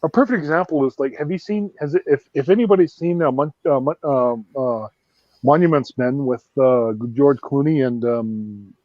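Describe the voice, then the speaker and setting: A man's voice: mid-range voice, moderate pace, dry recording. Canadian man chatting, dry dull sound. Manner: rambling, full of fillers and restarts. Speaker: host. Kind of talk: casual chat on a live stream.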